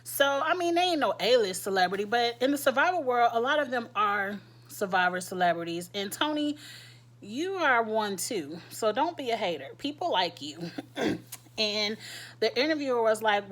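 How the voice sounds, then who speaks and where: A woman giving chatty, sassy commentary as a show reviewer, her throat irritated so that she keeps clearing it. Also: on the high side, animated, normal speed, fairly bright tone. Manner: chatty, sassy, laughs often. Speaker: reality TV reviewer. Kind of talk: casual commentary.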